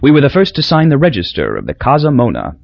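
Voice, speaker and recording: A man reading an audiobook in a wry, measured storytelling voice. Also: mid-range voice, wildly swooping pitch, vocal fry, dry recording, lo-fi sound. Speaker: audiobook narrator. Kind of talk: scripted narration.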